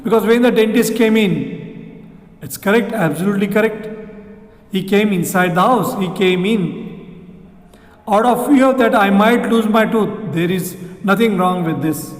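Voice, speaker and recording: Indian English teacher, male, high voice, patient and repetitive, recorded in a reverberant room. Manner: explains slowly, repeats sentences, asks rhetorical questions. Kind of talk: exam question walkthrough. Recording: echoey room with long reverb.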